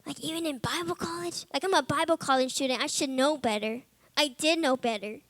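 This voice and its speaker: A young woman with a bright, high voice shares a personal testimony with fellow students. She talks informally, leaning on "like" and "um", and turns quiet and earnest as the story gets heavy. The sound is close and dry. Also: brisk, no echo. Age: young adult. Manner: earnest, soft and subdued in heavy moments. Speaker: Bible college student.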